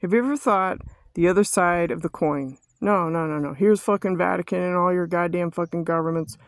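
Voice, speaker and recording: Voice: mid-range voice, dry recording. Profane ranting speaker, dry close sound. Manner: ranting, repetitive rhetorical questions, heavy swearing; halting restarts and stumbles. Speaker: vlogger. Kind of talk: profane conspiracy rant to camera.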